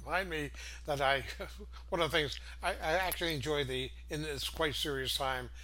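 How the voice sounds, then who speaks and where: Older chuckling man, bright voice, faint hum. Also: fairly high pitch. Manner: chuckling, halting with many fillers. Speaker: co-host. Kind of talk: casual chat.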